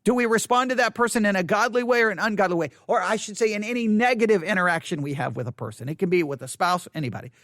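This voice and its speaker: A man with a high, lively voice talks through a Bible study in a conversational way. He speaks with emphasis and often restarts or repeats his phrases. The sound is dry and close. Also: fast, few pauses, dry recording.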